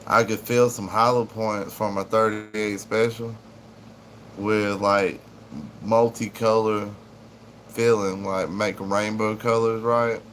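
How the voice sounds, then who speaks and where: A man's voice: on the low side, little pitch movement, slow, a bit bright, slight background noise. A man chatting casually and jokingly on a live stream, rambling and swearing freely.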